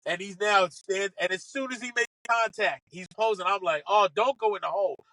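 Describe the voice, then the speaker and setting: A man telling stories from his caddying days in an animated way, acting out what other people said. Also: high-pitched, no echo, rough recording. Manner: fast, excitable, acts out other people's quotes. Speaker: podcast guest, former caddy. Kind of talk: animated storytelling.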